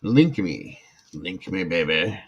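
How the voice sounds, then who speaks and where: A man's voice: sits low, lively intonation, slow, slightly rough, dull audio. An older man, telling a long personal story as a podcast host in casual chat and acting out what others said. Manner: rambling, acts out quoted speech.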